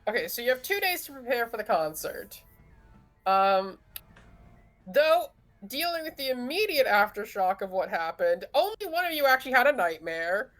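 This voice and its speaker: A woman's voice: fairly high pitch, sing-song, normal speed, fairly bright tone, soft background music. A young woman narrating as game master, chatty and amused, with many fillers.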